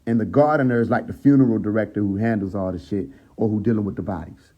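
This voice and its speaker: A man's voice: lowish voice, fast talker, dull audio. A man on a phone live stream, retelling a scripture story in casual, profane street talk and checking in with his viewers. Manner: retells the story with acted quotes and laughs at his own jokes. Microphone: phone mic on a social live stream.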